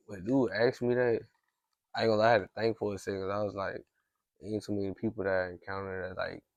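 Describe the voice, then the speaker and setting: A man's voice: low-pitched, slight background noise. Podcast host man telling a story. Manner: rambling, heavy use of "like", frequent restarts. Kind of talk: casual storytelling chat.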